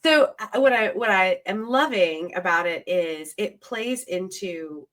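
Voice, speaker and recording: A woman's voice: mid-range voice, animated, measured pace, a bit bright. Reflective female podcast host. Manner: reflective, sums up what she hears. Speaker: podcast host and keynote speaker. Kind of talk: conversational podcast interview.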